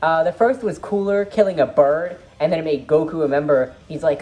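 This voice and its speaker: A woman's voice: sits low, brisk, mellow, soft background music. A woman giving a casual movie review vlog, rambling and enthusiastic with lots of fillers.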